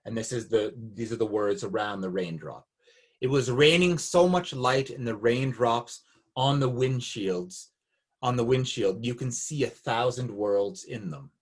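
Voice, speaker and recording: A man with a slightly husky voice of middling pitch gives an academic seminar talk. He reads from his paper in a calm, measured and reflective way. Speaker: academic speaker. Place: Canada.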